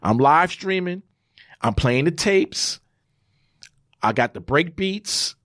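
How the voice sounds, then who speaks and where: A man telling his life story in a lively, rising-and-falling voice. He speaks like a preacher, repeating phrases for emphasis and acting out the voices in his story. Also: on the high side, takes it slowly. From New York. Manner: acts out God's and his son's voices. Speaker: interview guest. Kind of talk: testimonial storytelling.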